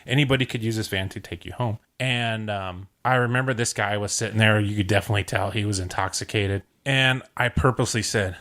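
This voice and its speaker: A man co-hosting a podcast, telling animated stories in a casual chat and acting out the people in them. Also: fairly low pitch, fast talker, hardly any pauses. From a sunny US state. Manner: lively storyteller who acts out the people in his stories. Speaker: podcast co-host.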